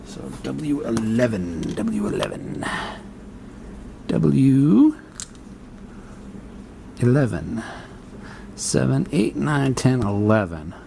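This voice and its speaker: A man plays a solo board wargame, muttering as he thinks aloud, reading the rules to himself and reasoning through each turn. His medium-pitched voice has lively intonation and vocal fry, and he speaks very slowly with frequent pauses, over background noise.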